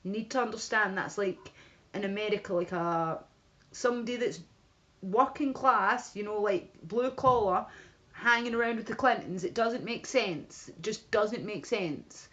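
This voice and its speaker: A woman's voice: medium pitch, measured pace, a bit bright. A woman chatting casually on a livestream, rambling with restarts and asides to her viewers. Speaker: livestream host. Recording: dull lo-fi stream audio.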